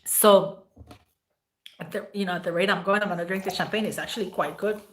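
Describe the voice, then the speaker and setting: A woman's voice: medium pitch, steady tone, fairly quick, a little hiss or hum. A woman hosting a casual livestream, rambling and emotional as she thanks viewers by name. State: near tears at times. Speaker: livestream host.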